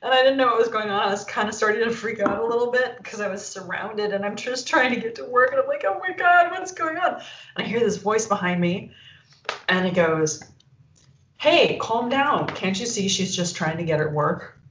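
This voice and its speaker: A woman in her forties chats casually on a podcast, spinning an animated story and playing the voices of the people in it. She sounds a little far from the mic, in a roomy space. The recording is dull and lo-fi. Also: mid-range voice, moderate pace. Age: 40s. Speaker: podcast co-host.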